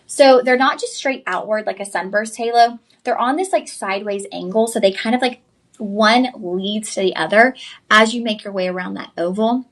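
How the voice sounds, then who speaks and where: A woman hosting a live shopping stream, chatty and upbeat, pitching jewelry and calling viewers "y'all". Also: a bit bright. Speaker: shopping channel host.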